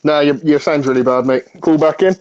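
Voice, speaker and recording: A man's voice: a little high, steady tone, a little fast, a little mellow. A man hosting a casual podcast chat about boxing, blunt and sarcastic. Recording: dull lo-fi audio.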